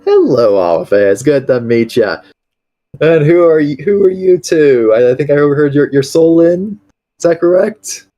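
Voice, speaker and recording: A man's voice: on the high side, expressive, normal speed, dark tone, dull audio, voice pushed up, natural voice. A man voicing a friendly, talkative adventurer in a tabletop game, greeting new companions in a hearty, welcoming way.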